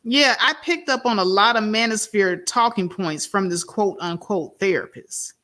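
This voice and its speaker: A woman's voice: medium pitch, normal speed, pushed and bright. A woman hosting a livestream, reacting with incredulous questions. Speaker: host. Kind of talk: livestream commentary.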